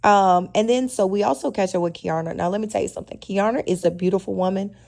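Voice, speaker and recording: A woman's voice: medium pitch, fast, creaky, a little mellow. A woman, reviewing a reality show episode in a casual, sassy and opinionated chatty way, heavy on slang. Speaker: reality TV recap vlogger.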